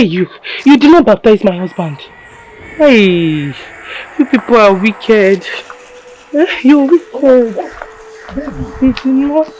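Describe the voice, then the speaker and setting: An actress playing Esther, a wronged young wife who swears an oath and later raves in madness, over film music. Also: female voice, on the high side, darkish tone, slight background noise. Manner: pleading then raving, agitated. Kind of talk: Nollywood drama acting.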